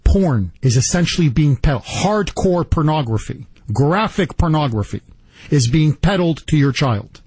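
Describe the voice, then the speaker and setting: A man hosting a talk radio show, delivering an indignant, rapid-fire political monologue. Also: a little high, expressive, a little mellow, breathy edge, dry recording.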